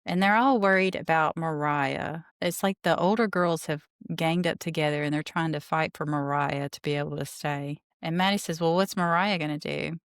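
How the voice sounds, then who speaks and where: A woman's voice: low voice, moderate pace, hardly any pauses, smooth, no echo, clean studio sound. A woman hosting a podcast, recapping a reality show in a blunt, sarcastic way and swearing casually. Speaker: podcast host.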